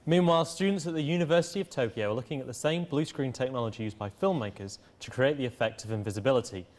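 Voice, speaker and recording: Young male co-host, steady earnest science news read, mid pitch. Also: fast. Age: young adult. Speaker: co-host called Prof. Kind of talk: scripted science news reading.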